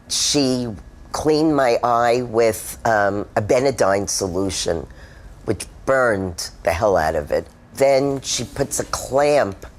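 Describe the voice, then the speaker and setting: Woman, former smoker, testimonial read, unhurried and emotional. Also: extremely low pitch. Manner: candid, emotional storytelling. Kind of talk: personal testimonial.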